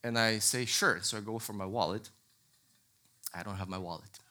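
A man preaching a sermon in an earnest, emphatic teaching manner, telling stories with lively energy. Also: lowish voice, normal speed. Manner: lively storytelling.

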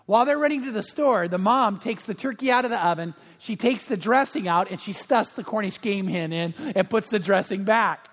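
A man's voice: high voice, fairly quick, few pauses, a bit bright, big-room sound. A middle-aged male pastor giving a sermon, telling stories in a chatty way with many fillers. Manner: anecdotal storytelling with frequent fillers.

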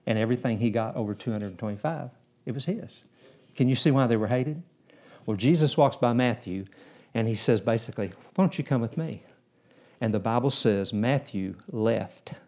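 A preacher speaks briskly in a mid-range, slightly mellow voice, delivering a sermon in church. He spins Bible tales in a down-home way, playing the parts of the characters himself.

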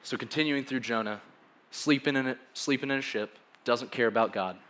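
Young guy giving a sermon, laid back and jokey, middle pitch, acts out the characters' lines. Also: brisk, fairly bright tone. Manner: casual, joking, acts out quoted dialogue. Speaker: preacher.

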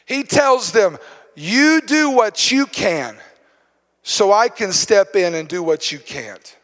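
High-voiced impassioned male preacher. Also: big pitch swings, slow pace. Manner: impassioned preaching, voice rising to shouts; acts out biblical speakers in dramatic quotes. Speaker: guest preacher. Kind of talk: sermon.

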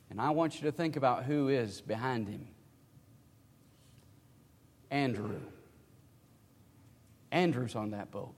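A man preaching a sermon to his congregation. He swings between hushed, low passages and loud, emphatic cries. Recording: reverberant hall.

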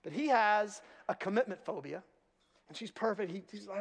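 A man's voice: high voice, lively intonation, normal speed, gravelly, in a large hall. A male pastor preaching a sermon, telling stories with self-deprecating humor. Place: church sanctuary.

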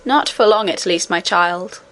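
A woman reading the part of an ancient, wise great-great-grandmother who speaks calmly and tenderly. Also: lowish voice, measured pace, pitched below the performer's own voice. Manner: calm, tender, gently admonishing.

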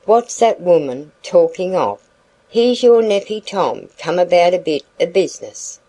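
Woman reading an easygoing old husband, soothing, country talk, slow. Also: fairly low pitch, animated, mellow, poor audio. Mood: placid. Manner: soothing, homely dialect. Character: mild easygoing older husband, placid.

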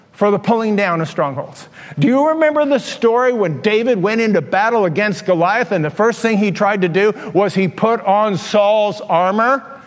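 An older male pastor in his sixties preaches with a high, lively voice, telling stories with plenty of animation. He laughs at his own tales and acts out the scenes. The voice rings with the long reverb of a large hall. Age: 60s. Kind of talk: sermon with personal storytelling.

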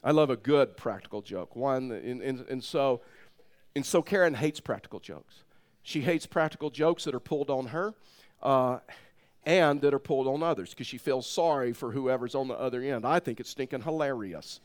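A middle-aged man preaching, telling a personal story in an animated way and laughing as he goes. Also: mid-range voice, normal speed. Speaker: pastor. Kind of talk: sermon storytelling.

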